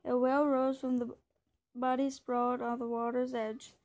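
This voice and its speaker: A woman reading a novel aloud in steady first-person narration. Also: on the high side, normal speed, low-quality recording. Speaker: book reader.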